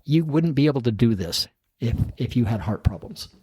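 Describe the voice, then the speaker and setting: A middle-aged man with a husky, slightly breathy voice at an ordinary pitch tells a personal story as a podcast guest. He acts out the lines of the people in it and chuckles along. The sound is dry and close, with no room around it. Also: moderate pace, no room sound. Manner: animated storyteller acting out dialogue, chuckling at his own story. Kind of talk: storytelling in a casual interview.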